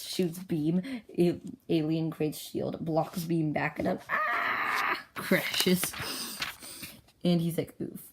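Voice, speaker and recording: A woman's voice: low voice, gravelly. Rambling female storyteller, noisy recording. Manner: rambling, breathless storytelling with squealed character voices. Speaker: comic creator. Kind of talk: casual retelling of a homemade comic.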